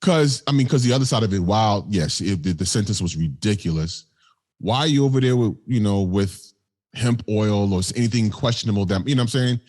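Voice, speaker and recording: A man's voice: on the low side, expressive, a little fast, darkish tone. A man co-hosting a podcast in casual chat, laid-back and slangy with jokes. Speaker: podcast co-host.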